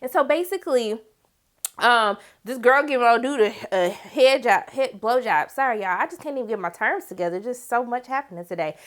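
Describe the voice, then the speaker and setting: A young woman casually recapping a TV episode, slangy, profane and animated, acting out the characters' lines as she goes. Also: on the high side, brisk. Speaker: TV show reviewer.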